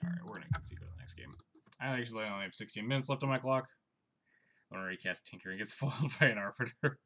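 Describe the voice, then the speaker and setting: A young man commentating his own card game on a live stream, chatty and wry, thinking out loud. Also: on the low side, rapid-fire.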